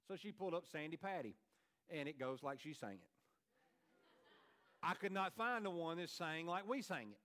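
A man's voice: on the high side, animated, moderate pace, long pauses, fairly bright tone. A man, preaching a sermon as pastor in a folksy, conversational way, with asides to the congregation and repeated words.

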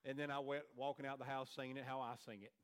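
A man's voice: medium pitch, little pitch movement, quick pace, fairly bright tone, smooth. A man, preaching a sermon as pastor in a folksy, conversational way, with asides to the congregation and repeated words.

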